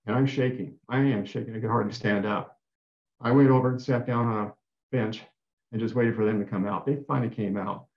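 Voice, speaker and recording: Lowish, steady, and a little mellow, this man's voice moves fairly quickly. He's the guest speaker at a talk, sincerely sharing a personal story while often repeating and restarting his phrases, in a dull, roomy recording.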